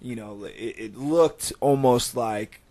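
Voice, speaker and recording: A man's voice: medium pitch, takes it slowly, warm tone. A man in casual podcast chat, talking loosely with many fillers. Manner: loose, filler-heavy talk, full of "like".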